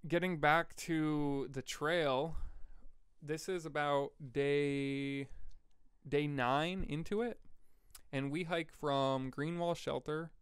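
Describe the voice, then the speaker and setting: A man's voice: fairly high pitch, steady tone, slow pace, smooth, dry recording. Laid-back man telling trail stories. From Vermont. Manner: rambling, laid-back storyteller with fillers. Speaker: podcast co-host. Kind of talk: casual storytelling chat.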